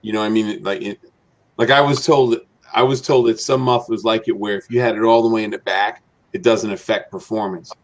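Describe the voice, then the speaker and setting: A man's voice: fairly low pitch, steady tone, brisk. A man co-hosting a car talk show, asking long questions with lots of restarts and repeated words. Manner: repetitive, stumbling questions. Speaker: co-host. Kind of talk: casual live show chat.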